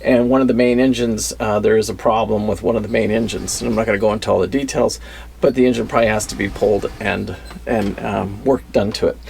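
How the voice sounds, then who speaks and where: A man's voice: lowish voice, steady tone, quick pace, creaky, a little mellow, a little hiss or hum. A man telling a story in a casual vlog, rambling, with many fillers and restarts. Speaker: vlogger.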